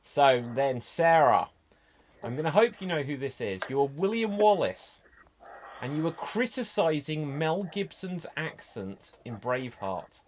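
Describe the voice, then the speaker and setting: A man's voice: fairly high pitch, very animated, unhurried, slight background noise. A man hosting an online improv show, upbeat and teasing as he introduces scenes and reads out votes.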